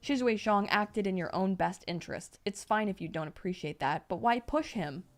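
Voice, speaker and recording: A woman's voice: mid-range voice, moderate pace, natural voice. A woman voicing a blunt, indignant teenage boy who scolds his peer. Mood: indignant scolding.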